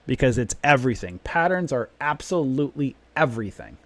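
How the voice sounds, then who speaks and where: A man's voice: mid-range voice, animated, unhurried, no room sound. A man hosting a live trading stream, talking emphatically and repeating his points in a long rant. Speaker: trading room host.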